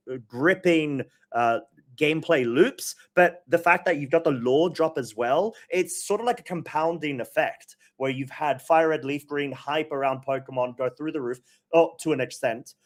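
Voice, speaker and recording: A man hosting a gaming podcast, talking in a rambling, animated, filler-heavy casual chat. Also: on the high side. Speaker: podcast host.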